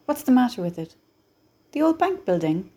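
A woman's voice: fairly high pitch, very animated, moderate pace, mellow, slightly rough, pitched above the performer's own voice, full character voice. A woman voicing a talkative, folksy older male real estate agent in a small town.

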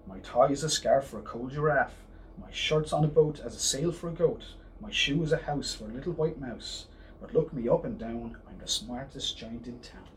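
A man voicing a kind, generous male giant in a storybook, with high bright calls and sing-song rhymes. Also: huge pitch swings, fast, hardly any pauses, slight background noise, rough recording.

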